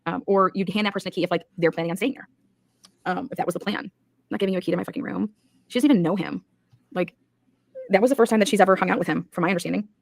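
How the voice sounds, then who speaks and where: Fast, blunt woman. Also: lowish voice, no room sound. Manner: blunt, profane, incredulous. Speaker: podcast host. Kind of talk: casual true-crime discussion.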